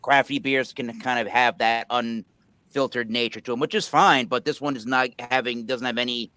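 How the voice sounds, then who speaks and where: A man's voice: medium pitch, fairly even intonation, moderate pace, bright, forceful tone, clean tone, no room sound. A man giving an easygoing, appreciative review in casual chat. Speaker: beer reviewer.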